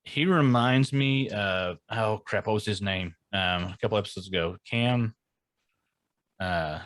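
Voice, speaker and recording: A man's voice: fairly low pitch, unhurried, fairly bright tone, no room sound. A man co-hosting a podcast, chatting casually and musing aloud as he searches for names. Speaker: podcast co-host.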